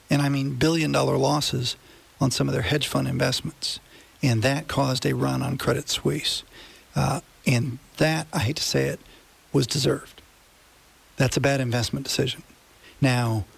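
A man's voice: mid-range voice, gravelly, husky. A man hosting a radio finance show, explaining things in a conversational way and checking that listeners follow. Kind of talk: casual radio talk.

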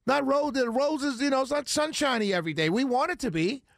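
A man's voice: very high voice, brisk, vocal fry, no echo. A man hosting a talk radio show, talking in an emphatic, rambling way straight to his listeners on a studio mic. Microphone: studio broadcast mic.

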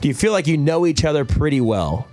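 An upbeat man co-hosting a radio show, running a quiz game with couples. His voice sits a little high and swings widely up and down, and he jokes and laughs a lot. Faint music plays under the talk. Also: big pitch swings, fast, darkish tone. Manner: upbeat, jokey, laughs often.

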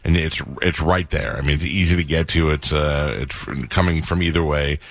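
A man with a very deep voice hosts a radio talk show in easy, casual banter. He tells stories with animation and gets heated when he retells them. The sound is dry and close to the mic. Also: fairly even intonation, moderate pace, dry recording.

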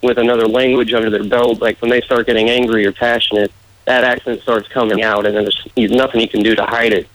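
A man speaking in a measured way as a guest on a casual radio interview, laughing often. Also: mid-range voice, little pitch movement, fairly bright tone, low-quality recording. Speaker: political candidate guest.

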